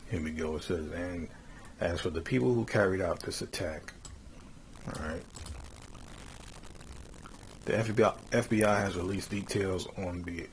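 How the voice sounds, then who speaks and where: A man giving casual commentary, reading quotes slowly and then rising into heated, mocking rants that end phrases with "man". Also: low voice, a little hiss or hum, rough recording. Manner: drawls "man" at phrase ends. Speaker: religious commentator.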